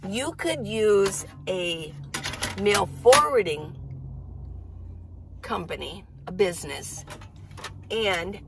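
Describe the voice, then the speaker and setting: A woman's voice: medium pitch, slight background noise, poor audio. A middle-aged woman hosting a casual, rambling coffee-chat vlog from her minivan. She laughs often as she talks. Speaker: vlogger. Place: inside a minivan.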